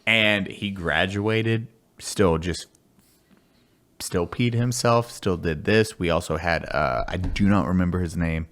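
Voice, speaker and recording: A man who served in the army tells basic training stories in a casual, crude and animated way. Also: low voice, slow pace. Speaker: army veteran telling stories. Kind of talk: casual podcast storytelling.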